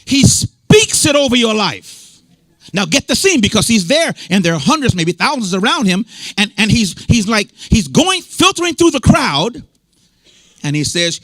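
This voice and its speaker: Casting note: American man, bishop, high bright voice, preaching with emphatic repetition and asides to the congregation. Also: big pitch swings, a little slow, dry recording, studio quality. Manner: emphatic and repetitive, restating points and bantering with the congregation. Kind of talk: sermon. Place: church service. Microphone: microphone.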